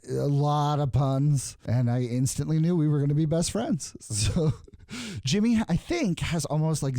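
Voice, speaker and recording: A man's voice: medium pitch, dark tone, no room sound. A young man hosting an improvised comedy podcast from a studio, introducing his guest and then playing it straight while interviewing him with playful questions. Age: young adult. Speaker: podcast host.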